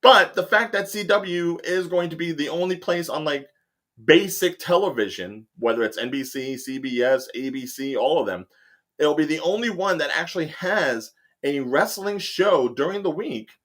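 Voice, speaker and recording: A man's voice: fairly high pitch, expressive, moderate pace, fairly bright tone. A man hosting a casual podcast chat, rambling through his points with many fillers. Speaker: host.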